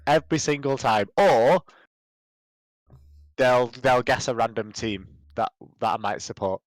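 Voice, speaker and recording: Young British male podcast co-host, relaxed storyteller, dry close mic. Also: medium pitch, measured pace, pauses often, dry recording, low-quality recording. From Britain. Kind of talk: casual podcast chat.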